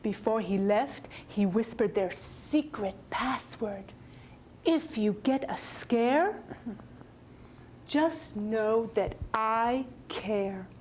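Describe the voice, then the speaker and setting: High-voiced woman storyteller, slow and expressive reading. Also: a little hiss or hum, rough recording. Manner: slow and expressive, dropping to whispers. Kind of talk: children's storytelling.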